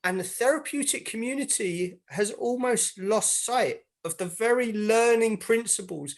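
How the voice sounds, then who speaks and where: A man speaking as a panelist, measured and persuasive, drawing contrasts. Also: high-pitched, animated. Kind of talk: panel discussion.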